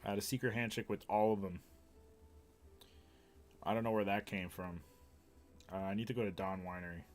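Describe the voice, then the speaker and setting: A man's voice: fairly low pitch, fairly even intonation, brisk. A man live streaming, telling rambling, profane stories in casual chat.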